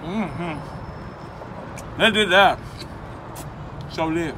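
An upbeat young man chats to his viewers in loose slang as he vlogs through a city. His voice sits fairly high. Traffic and street noise are loud around him. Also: drawn-out words. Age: young adult. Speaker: travel vlogger. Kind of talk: casual vlog chat. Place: outdoors in a city. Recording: noisy outdoor street sound.

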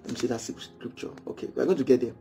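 A man preaching a sermon, animated and acting out little scenes as he makes his point. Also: medium pitch, quick pace, creaky, faint music behind. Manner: animated, acts out small scenes, repeats phrases.

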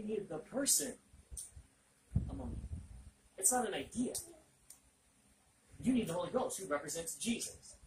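A man preaching an interactive Bible lesson, asking listeners questions and repeating their answers back. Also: fairly high pitch. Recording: echoey room, distant mic, loud noise.

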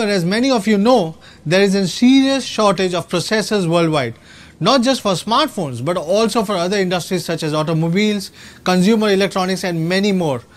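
A man giving a proud, rallying scripted keynote as a company executive at a product launch. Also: sits high. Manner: proud, rallying, slightly stilted phrasing.

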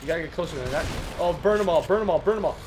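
A young man bantering and yelling over a horror game with friends, swearing often. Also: a little high, lively intonation, rapid-fire, over music. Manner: loud, swears, yells at the game. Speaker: let's play co-commentator. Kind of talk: casual gaming banter.

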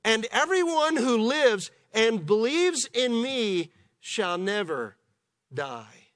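A man preaching a sermon as pastor, in a measured way with slow, emphatic pauses. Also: extremely high pitch, sing-song, fairly bright tone. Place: church.

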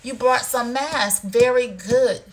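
A woman's voice: a little high, slow pace. Chatty woman hosting a shopping livestream. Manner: chatty, playful, says "y'all" and "honey". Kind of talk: casual product demo chat.

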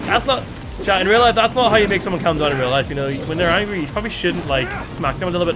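A young man streaming a video game, chatting casually and excitedly with his viewers. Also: sits high, racing. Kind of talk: casual live-stream commentary. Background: game music and sounds.

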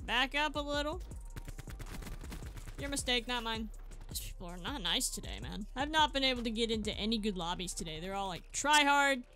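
A woman hosting a gaming channel, giving casual, excitable commentary over gameplay and mocking her opponents. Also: on the high side. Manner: excitable, trash-talking opponents.

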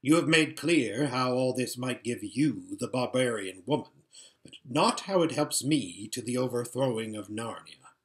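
A man voicing a shrewd old male emperor who speaks in a dry, measured, sardonic way. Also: mid-range voice, animated.

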